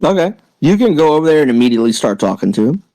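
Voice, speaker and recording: Casual game master guy, kinda high voice, dry close mic. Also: big pitch swings, mellow, no room sound, low-quality recording. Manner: casual, swears, talks fast. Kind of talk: narrating a tabletop game.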